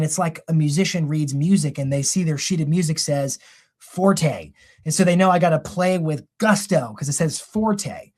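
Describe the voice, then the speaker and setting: A man giving a live real estate marketing training, energetic and conversational, often correcting himself mid-sentence. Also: on the high side.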